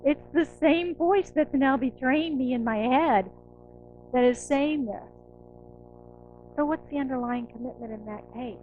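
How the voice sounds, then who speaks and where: A middle-aged woman minister giving a conversational, animated sermon, acting out inner voices. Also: high voice, a little slow, pauses often, narrow, tinny audio, a little hiss or hum. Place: church sanctuary.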